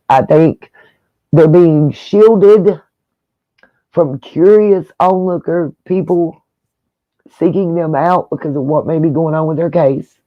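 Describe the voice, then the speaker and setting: A man's voice: on the high side, no echo, muffled recording. Emotional man hosting a livestream. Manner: emotional, rambling, talks straight to viewers. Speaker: livestream host. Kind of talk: casual livestream commentary.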